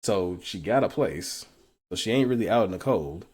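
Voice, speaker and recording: A young man with a fairly low voice talks in a loose, slangy way. His casual reaction chat swings between quiet asides and loud outbursts, with laughter mixed in. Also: expressive, normal speed, husky. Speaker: co-host reacting to news.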